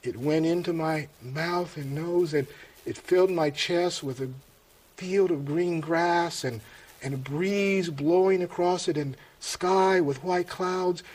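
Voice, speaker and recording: An older man recounts his own spiritual awakening in an earnest, halting manner, stopping to restart his sentences and letting his asides trail off softly. His voice sits a little higher than most men's. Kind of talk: personal testimony storytelling.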